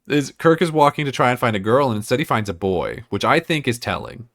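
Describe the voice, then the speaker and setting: A man's voice: medium pitch, big pitch swings, brisk, fairly bright tone. A young man co-hosting a podcast, reviewing episodes in casual, rambling, joking chat. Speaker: podcast co-host.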